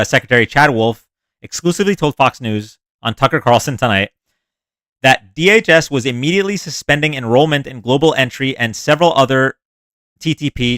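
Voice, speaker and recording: A man's voice: mid-range voice, fairly bright tone, clean tone, no room sound. A man hosting a live stream, reading news stories aloud and mocking the quotes with sarcastic asides. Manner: sarcastic, reads quotes then mocks them. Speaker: livestream host reading news.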